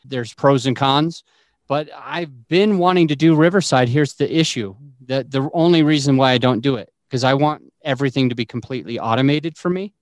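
A man's voice: medium pitch, a little fast, no echo. A man hosting a podcast over a remote call, chatting casually and laughing often as he explains recording gear. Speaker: podcast host. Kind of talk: casual chat.

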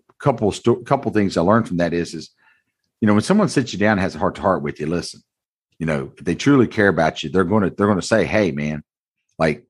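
Man, 40s, dealership owner. Deep, husky, candid storyteller. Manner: earnest, blunt, folksy, calls host brother. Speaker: car dealership owner, interview guest.

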